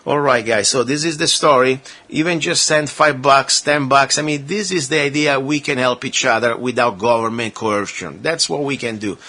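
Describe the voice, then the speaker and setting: A man's voice: medium pitch, normal speed, hardly any pauses, pushed and bright. A male talk radio host interviewing a guest and making earnest, persuasive appeals to his listeners.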